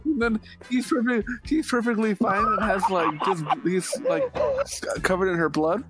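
A young man guesting on a podcast, telling animated, incredulous stories in casual chat. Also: sits high, moderate pace, loud music behind the voice, low-quality recording.

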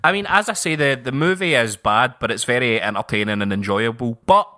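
A Scottish man in casual chat, swearing freely and telling stories with animated quoted voices. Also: medium pitch, a little fast.

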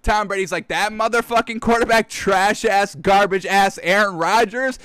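A man's voice: sits high, normal speed, fairly bright tone, clear, resonant tone, dry recording, studio quality. A man doing a boastful, profane impression of a cocky star quarterback trash-talking rivals.

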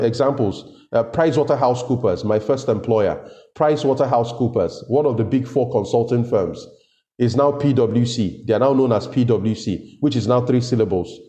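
A man's voice: mid-range voice, dark tone, reverberant. A man hosting a solo business podcast, talking unscripted and often repeating words as he thinks. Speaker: podcast host.

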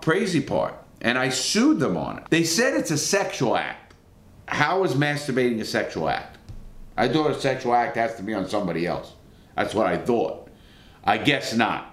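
A man talks straight to the camera in a lively, up-and-down voice, swearing freely and firing rhetorical questions as he tells his story. The room gives his voice a noticeable echo. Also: medium pitch. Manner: blunt and profane, with rhetorical questions and acted-out exclamations. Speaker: former prisoner telling his story. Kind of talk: casual first-person storytelling to camera.

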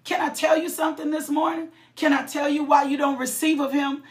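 A woman with a high voice preaching a passionate sermon. She shouts, breaks into sudden high cries and call-outs, and doubles back over her words as the feeling builds. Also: little pitch movement, background noise. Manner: halting, repeating phrases. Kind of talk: impassioned sermon.

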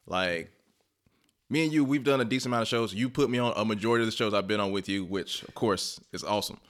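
A man co-hosting a casual podcast, relaxed and agreeable, chiming in with quick yeahs and his own club memories. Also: on the low side. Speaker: comedian, podcast co-host.

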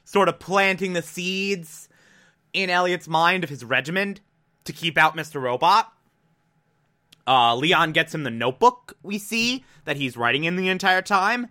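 A young man hosting a casual show, recapping an episode in an animated, emotional way with free swearing and loud rants. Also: high-pitched, unhurried. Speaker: podcast host recapping a TV episode.

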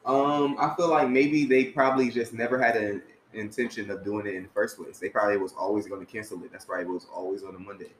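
A man's voice: fairly low pitch, steady tone, fast talker, hardly any pauses. A man co-hosting a podcast, trading celebrity gossip in a laid-back, slangy way and laughing often. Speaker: podcast co-host. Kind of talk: casual gossip chat. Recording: echoey room with faint hiss.

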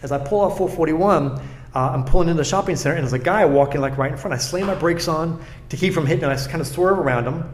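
A fast-talking pastor from South Florida, with a slightly high voice, shares stories in an interview, earnest and prone to repeating words for emphasis. There's slight background noise in the recording.

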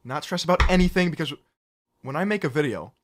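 A man's voice: on the high side, expressive, quick pace. Chill young guy cohosting a podcast, voice goes up and down a lot. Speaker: podcast co-host. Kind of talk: casual podcast chat.

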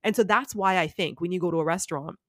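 Animated woman chatting, dry close mic. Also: lowish voice, fast talker, dry recording. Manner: animated storyteller, acts out quotes. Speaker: podcast guest. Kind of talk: casual chat.

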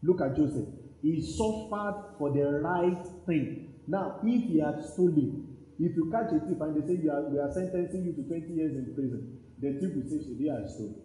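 A Nigerian man in his fifties preaching a sermon as a pastor, telling stories in an animated way and acting out the voices in them. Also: on the high side, normal speed, reverberant, low-quality recording.

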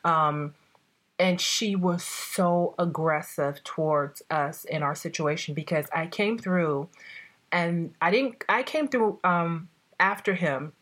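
A woman's voice: lowish voice, takes it slowly, a bit bright. A woman hosting a casual conversation, telling a story with self-corrections and quoted voices. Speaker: host.

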